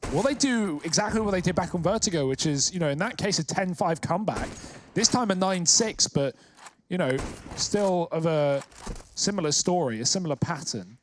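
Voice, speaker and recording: A British man breaks down what just happened in a match, walking through each move in detail. His voice is a touch high, and he leans on "you know" as he talks things through. There is a faint hiss in the background. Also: animated, normal speed. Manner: explanatory, with frequent "you know" fillers. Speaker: esports analyst. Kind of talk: colour commentary.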